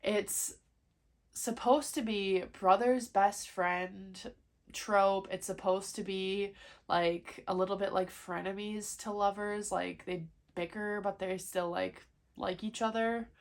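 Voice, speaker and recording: A woman's voice: medium pitch, fairly even intonation, slow. Chatty young woman ranting about books. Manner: chatty, frequent "like", frustrated rant. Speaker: book vlogger. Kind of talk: casual chat.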